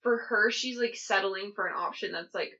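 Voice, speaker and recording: A woman's voice: medium pitch, moderate pace, pushed and bright, highs cut off. A young woman co-hosting a podcast, chatting with enthusiasm and plenty of fillers. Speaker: podcast co-host. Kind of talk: casual chat.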